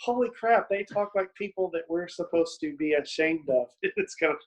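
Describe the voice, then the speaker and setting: A man's voice: fairly high pitch, normal speed, muffled recording. A man from Texas with a mild Texan accent, co-hosting a podcast in reflective casual chat. He laughs easily and uses many fillers. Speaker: podcast co-host.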